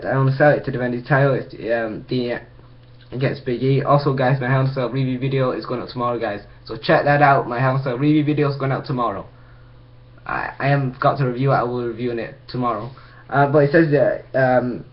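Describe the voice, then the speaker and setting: For his video channel, a man casually recaps a wrestling show, rambling along with plenty of ums and restarts. His voice is medium in pitch, and the recording sounds muffled.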